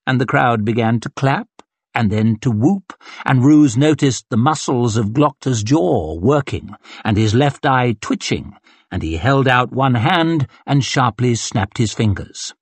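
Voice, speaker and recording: A man narrating an audiobook in a dramatic, expressive storytelling manner. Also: medium pitch, measured pace, slightly rough, no room sound.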